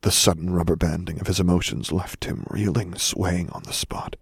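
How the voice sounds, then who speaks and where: A man narrating an audiobook in a measured, intense way, dropping to a whisper for inner thoughts. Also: low voice, flat delivery, creaky, breathy edge, no echo, studio quality.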